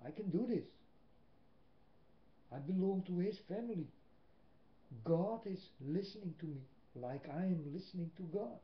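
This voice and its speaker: Man, Dutch accent, webcam sermon, slow and emphatic. Roomy, muffled webcam sound. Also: sits high. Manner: slow, emphatic preaching with long pauses. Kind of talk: religious monologue to webcam. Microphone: built-in webcam mic. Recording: echoey room, dull lo-fi webcam audio.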